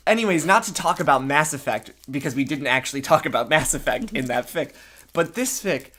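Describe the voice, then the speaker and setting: An excitable podcast co-host chats casually about fan fiction. The voice sits at a middle pitch and gushes with enthusiasm, and the host often stumbles and restarts sentences. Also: fairly quick, slight background noise. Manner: gushing, excitable, frequent restarts and laughter.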